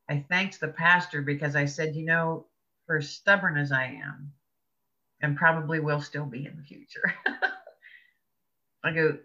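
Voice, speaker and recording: A woman's voice: low-pitched, sharp tone. A woman guest on an interview show, telling a personal story earnestly and with laughs between thoughts. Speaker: podcast guest, author. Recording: dull lo-fi audio.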